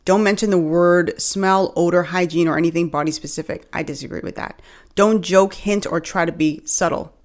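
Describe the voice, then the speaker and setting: A young woman from the Bahamas talks straight to her viewers in a loose, animated way, joking and calling them y'all. Her voice sits a little low for a woman. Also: moderate pace. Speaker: video host. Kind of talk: casual talk to camera.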